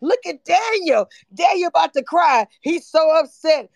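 A woman hosting a livestream, chatting animatedly and excitably about a reality show, sometimes breaking into shouts and laughter. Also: very high voice, unhurried, creaky, no room sound, lo-fi sound. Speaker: livestream host. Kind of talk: casual reality-TV recap chat.

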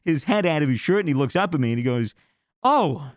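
A young man telling stories in casual podcast chat, animated and swearing freely as he acts out what people said. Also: a little high, very fast, dry recording. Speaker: podcast guest.

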